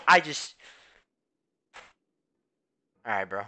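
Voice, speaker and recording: A man streaming a video game, reacting excitably, swearing a lot and talking to his chat. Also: mid-range voice, a little slow. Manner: talks to chat and thanks followers. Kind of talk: live gameplay commentary. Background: faint game music.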